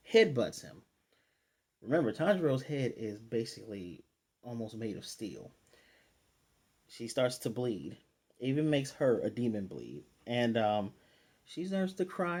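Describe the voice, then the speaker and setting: A man's voice: mid-range voice, lively intonation, moderate pace, a little mellow. Casual man recapping an anime episode. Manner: conversational, retells scenes with paraphrased character lines; loose filler-heavy delivery with restarts. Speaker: anime reviewer.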